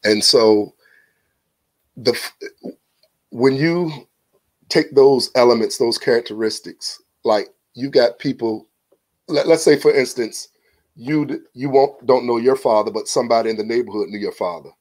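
A man's voice: medium pitch, moderate pace, long pauses, darkish tone. Man, podcast guest, earnest, casual testimony, repeats words. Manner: earnest, repeats words when starting a thought.

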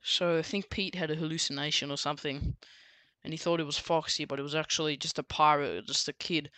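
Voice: medium pitch, fairly even intonation, brisk, sharp tone, dry recording. A book reviewer casually recapping a story, rambling with many fillers and restarts.

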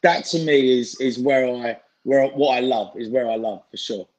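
A man's voice: mid-range voice, moderate pace, darkish tone, highs cut off. A man, chatting informally as an interview guest on a video call, full of fillers and restarts. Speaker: interview guest, singer and actor. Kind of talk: casual chat.

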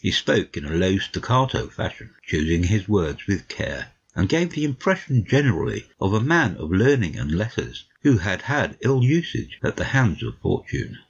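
A man narrating a dramatic audiobook reading in a deliberate, expressive way. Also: sits low, husky, lo-fi sound.

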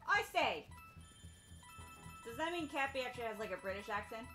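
A woman's voice: a little high, animated, racing, a bit bright, faint music behind. A woman streamer giving playful, chatty live gameplay commentary with silly asides.

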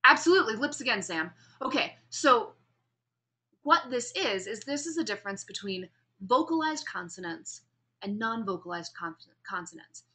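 A woman with a bright, forward voice teaches a speech class. She swings her pitch up and down to show contrast and calls on students with questions. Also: moderate pace. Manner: animated, demonstrates pitch and emphasis, asks students questions. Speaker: speech instructor. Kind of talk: classroom lecture.

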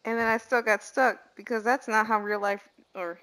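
A woman casually commenting on a game she plays, chatty and animated with lots of slang. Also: fairly high pitch, moderate pace. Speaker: gaming streamer. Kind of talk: casual let's-play commentary.

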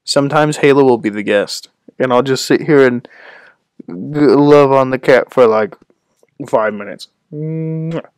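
A man's voice: medium pitch, a little slow, clean tone, no room sound, studio quality. A young man rambling in a casual vlog, self-deprecating, at a home setup with a desk microphone. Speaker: host.

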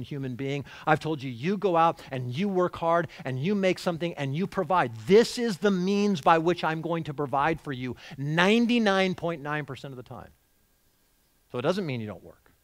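A middle-aged male pastor preaching a sermon in a church, animated, acting out quoted voices and moving between loud emphasis and hushed lines. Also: fairly high pitch, no room sound. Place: church sanctuary.

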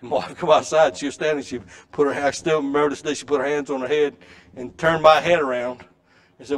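A middle-aged man preaching a sermon in a church, with a folksy storytelling way that swings between loud and soft. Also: fairly high pitch, fairly quick. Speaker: pastor. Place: church sanctuary.

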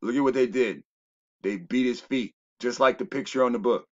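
A man talking in a rambling, casual monologue that drops to low mutters and jumps to loud exclamations. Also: normal speed, muffled recording. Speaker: video commentator.

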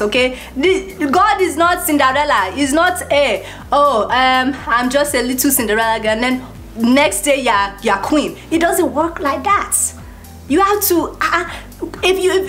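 A woman giving a casual Christian exhortation that ends in a prayer. She is lively and preachy, laughs between points and repeats herself. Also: high voice.

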